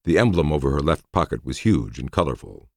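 A man narrating a science fiction audiobook in a measured, expressive reading. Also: very deep voice, no room sound, clean studio sound.

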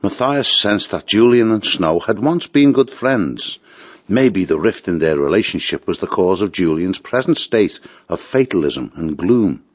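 A man reading a storybook aloud in a steady, expressive voice. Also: deep voice, a little slow, slightly rough, dry recording, lo-fi sound. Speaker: narrator. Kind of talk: storybook narration.

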